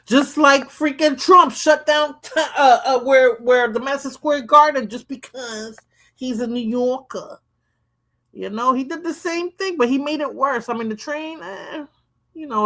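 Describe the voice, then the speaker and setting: A woman's voice: on the low side, fairly bright tone. Chatty woman livestream host. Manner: chatty, blunt, says "you know" a lot. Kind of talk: casual commentary on viral clips.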